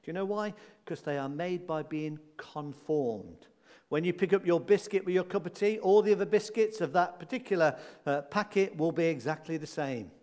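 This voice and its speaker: Preacher guy, highish voice, repeats his points, echoey church hall. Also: moderate pace, darkish tone. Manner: emphatic, repeats key words, asks rhetorical questions. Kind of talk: sermon. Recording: long church reverb.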